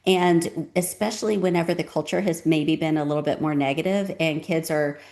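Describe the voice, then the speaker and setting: A woman's voice: low-pitched, steady tone, a little fast, darkish tone. A woman giving parenting advice in a casual, conversational talk, often saying "um" and "you know.".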